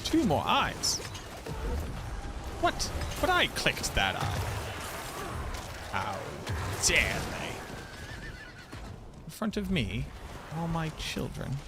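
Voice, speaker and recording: A male game streamer talking over his gameplay in a goofy, theatrical way, swinging his pitch all over the place. He slips into mock-solemn declarations and nonsense singing, with clear game music running underneath. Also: huge pitch swings, takes it slowly, long pauses. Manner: goofy, mock-grandiose, breaks into silly singing. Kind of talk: casual gameplay commentary.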